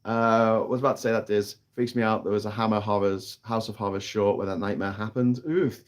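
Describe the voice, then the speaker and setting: A man's voice: on the low side, steady tone, brisk. A British man holds forth on a casual live stream, broadcasting from outdoors on an island. He rants with plenty of swearing and keeps restarting his sentences as he gets heated. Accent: British English. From Britain. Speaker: livestream host.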